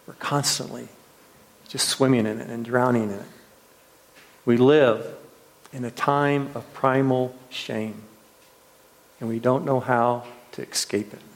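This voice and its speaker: A man leading a retreat, preaching earnestly, often repeating words and posing questions to his listeners. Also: medium pitch. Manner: earnest, repeats words, trails softly then lifts with rhetorical questions. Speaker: retreat leader. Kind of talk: sermon. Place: retreat gathering room.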